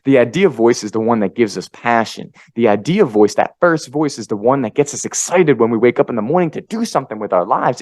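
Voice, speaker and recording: A man hosting a motivational podcast, swinging between energetic pep-talk bursts and low, quiet asides. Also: fairly quick, hardly any pauses, dry recording. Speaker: podcast host. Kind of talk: motivational monologue.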